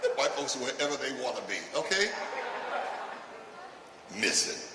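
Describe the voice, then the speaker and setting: Chuckling comedian in an echoey hall. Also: male voice, medium pitch, very animated, normal speed, distant mic. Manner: punchy, chuckles through his lines, jabs at the crowd. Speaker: stand-up comedian. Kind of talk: stand-up routine to a live audience. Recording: echoey hall with audience noise.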